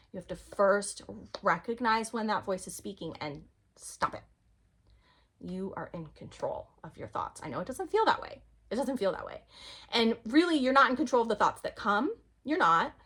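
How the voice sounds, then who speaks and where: A woman's voice: medium pitch, a bit bright, husky. A young adult woman giving an earnest, rambling self-help talk to camera, with lots of fillers. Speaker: vlogger.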